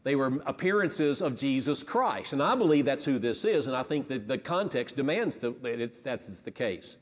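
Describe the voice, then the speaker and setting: A man's voice: medium pitch, animated, normal speed, long reverb tail. A pastor preaching a sermon in a conversational way, often restarting his phrases.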